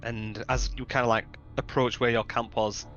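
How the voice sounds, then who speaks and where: A man's voice: medium pitch, level tone, normal speed, a bit bright, muffled recording. A man narrating as game master in a casual, word-searching way.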